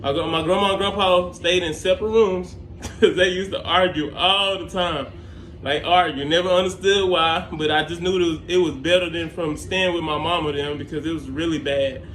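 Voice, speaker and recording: A young man talking casually to camera, rambling and halting with many fillers. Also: sits high, fairly even intonation, a bit bright, roomy sound, slight background noise. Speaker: scholarship applicant.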